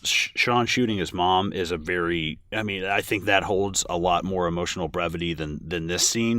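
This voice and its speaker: A man with a very low voice co-hosts a casual film podcast. He rambles, restarts his sentences and fills gaps with ums as he talks through scenes. The recording is dry and close. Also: sharp tone, dry recording. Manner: rambling with many restarts and fillers. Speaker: podcast co-host. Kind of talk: casual film commentary chat.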